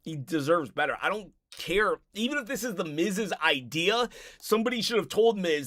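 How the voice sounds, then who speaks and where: A man with a high voice hosts a casual live stream from home, rambling through viewer comments with many restarts. He sounds a little out of breath, and the sound is dry and close. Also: expressive, measured pace, a bit bright, no echo. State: a bit out of breath. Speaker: live-stream host reading chat.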